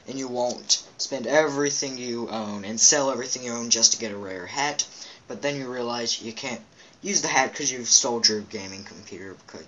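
A man's voice: medium pitch, bright, forceful tone, slight background noise, low-quality recording. A man hosting a let's play, reading game captions aloud with goofy asides and playful quack and meow noises. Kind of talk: casual game commentary.

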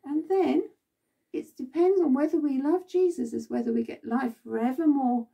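A woman's voice: high-pitched, moderate pace, creaky, warm tone, far from the mic. A woman leading a children's Bible club, telling the story expressively and asking the children questions.

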